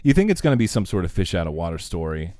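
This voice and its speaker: A man's voice: low-pitched, sing-song, racing, warm tone, no room sound. A man co-hosting a casual movie podcast, cracking wry, dry jokes and teasing his co-host. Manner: wry, dry jokes with playful put-downs. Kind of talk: casual movie-review chat.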